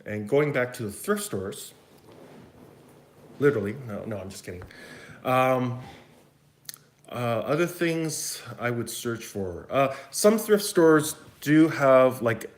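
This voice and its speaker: Brief: Canadian man, West Coast accent, mid-pitched, rambling and chatty, taking viewer questions in an echoey room. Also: expressive, slow, pauses often. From Vancouver, Canada. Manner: rambling, chatty, thinks aloud. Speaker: YouTube host answering viewer questions. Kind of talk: casual livestream Q&A.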